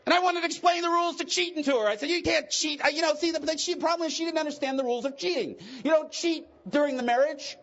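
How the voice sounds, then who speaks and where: High-voiced man telling his story. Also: fast talker, hardly any pauses, a bit bright, dull audio. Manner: candid, joking, emotional storytelling. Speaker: recovery meeting speaker. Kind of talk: personal testimony talk.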